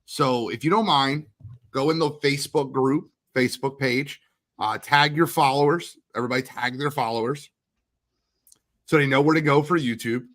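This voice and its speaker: A man hosting a livestream draft watch party, hyped and talking quickly, shouting out guests and asking viewers to share. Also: medium pitch. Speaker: host. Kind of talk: energetic livestream chat.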